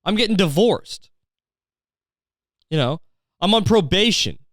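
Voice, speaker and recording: A man's voice: high-pitched, animated, measured pace, fairly bright tone, no echo, studio quality, voice pushed up. A man doing a grumbling divorced barfly. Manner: grumbling, profane. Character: bitter divorced barfly on house arrest.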